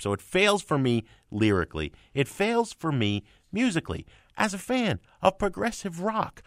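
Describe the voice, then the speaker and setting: A male music critic co-hosting a radio show, speaking with heavy sarcasm and emphasis. His voice leaps all over the pitch range. The studio sound is dry and close. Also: wildly swooping pitch, moderate pace, hardly any pauses, a bit bright, no echo. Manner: emphatic and sarcastic, with sweeping swings of inflection. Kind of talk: opinionated review talk. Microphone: close studio mic.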